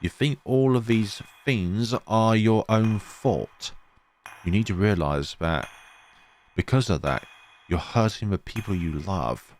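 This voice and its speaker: A man voicing a gloomy, quiet young man haunted by guilt, speaking low and subdued. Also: slow pace, a little hiss or hum. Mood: somber.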